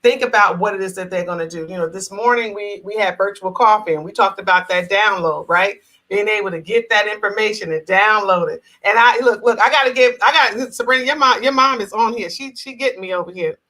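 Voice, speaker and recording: A woman's voice: mid-range voice, brisk, bright, forceful tone, low-quality recording. A woman from New Jersey hosting a casual live talk show over a video call, chatty and encouraging with frequent affirmations.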